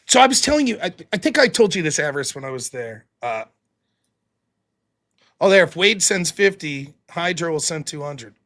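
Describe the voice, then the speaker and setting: A man hosting a casual live stream, reading out donations and telling stories, excitable, with sudden loud bursts between mumbled asides. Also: on the high side, normal speed. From United States. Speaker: stream host.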